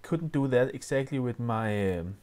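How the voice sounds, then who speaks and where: A man explaining music software step by step, often pausing with fillers and restarting his sentences. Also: mid-range voice, lively intonation. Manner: hesitant, many fillers and restarts. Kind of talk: screen-recorded tutorial.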